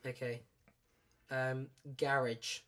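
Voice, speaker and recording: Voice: mid-range voice, little pitch movement, slow pace, fairly bright tone. A speaker from the UK with a British accent, playfully chatting about words on a podcast. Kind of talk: casual chat.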